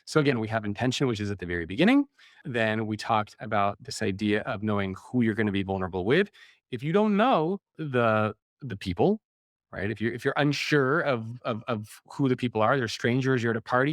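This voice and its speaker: A man talks through his ideas as an author on a podcast, at an ordinary middle pitch. He livens things up by acting out little quoted voices. The sound is dry and close, with no room in it. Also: no room sound. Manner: animated, acts out quoted voices. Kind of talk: conversational explanation.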